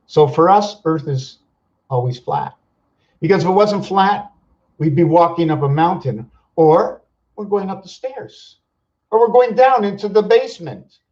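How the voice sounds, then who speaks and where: A man hosting a rambling vlog monologue, musing aloud with rhetorical questions and slowly counting out numbers, at times loud and worked up. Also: high voice, expressive, lo-fi sound. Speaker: channel host.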